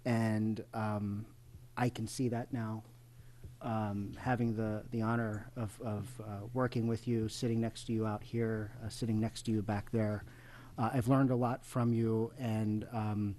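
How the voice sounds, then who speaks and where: A man's voice: fairly low pitch, little pitch movement, a little slow, mellow, slight background noise. A man on a school board giving a tribute in a public meeting, hesitating often with uh and um. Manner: hesitant, many uh and um fillers. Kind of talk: formal tribute speech.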